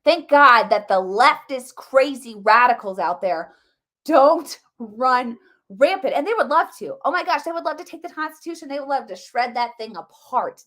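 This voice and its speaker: A woman hosts a live political commentary stream, speaking fast and emphatically in a slightly high, fairly bright voice. She keeps repeating herself and peppers her sentences with "like."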